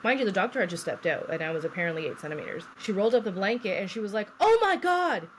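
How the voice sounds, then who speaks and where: A young woman co-hosting a podcast, telling her story in a casual, animated way, swearing freely and acting out what people said. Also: lowish voice, racing, a little hiss or hum. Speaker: podcast co-host.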